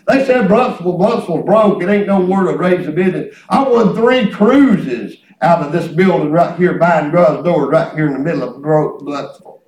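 Man, folksy sermon storytelling, high voice, distant from the mic. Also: normal speed, few pauses, darkish tone. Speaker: preacher. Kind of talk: sermon testimony. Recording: echoey hall from far off.

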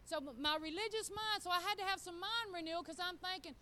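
Middle-aged woman preacher, high bright voice, folksy storytelling sermon. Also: fast, hardly any pauses, a little hiss or hum. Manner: animated, folksy, acts out quotes.

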